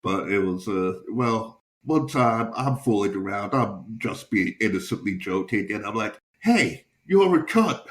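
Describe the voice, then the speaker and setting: A young man with a slightly low voice tells a crude, chuckling anecdote on his podcast. He is a stand-up comic in casual storytelling mode, swearing freely and laughing along with his own tale. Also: moderate pace, few pauses, reverberant. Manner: profane, chuckling, animated anecdote-telling. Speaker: stand-up comedian and podcast host.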